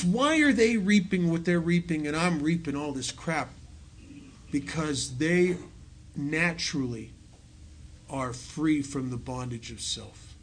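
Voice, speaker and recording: A man's voice: fairly high pitch, fairly bright tone, a little hiss or hum. Self-mocking middle-aged man telling stories. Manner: self-mocking storyteller who laughs at his own jokes; conversational, full of restarts and asides to the audience. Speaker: recovery program speaker. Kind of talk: talk to a recovery audience.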